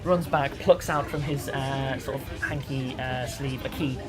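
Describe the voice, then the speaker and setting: A man's voice: medium pitch, steady tone, a little slow, over music. A man narrating as game master, chatty and rambling with many fillers.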